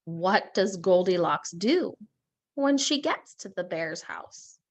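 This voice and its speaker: A woman teacher reading a story aloud in a lesson, expressive and asking questions. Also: fairly low pitch, takes it slowly.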